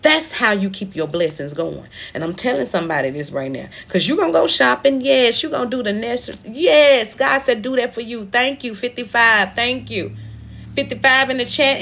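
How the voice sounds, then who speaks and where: Her voice is a little high, creaky, husky, and fairly bright, with lively intonation at a normal speed. This woman hosts a tarot-style live stream reading, preaching emphatically and repeating herself in African American Vernacular phrasing.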